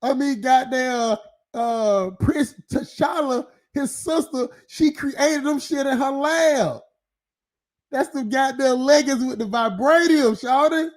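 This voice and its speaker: A man's voice: extremely high pitch, slow pace. A man hosting an open-topic live stream, ranting casually and profanely with frequent laughs and filler phrases. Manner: profane, rambling, laughs often, filler-heavy.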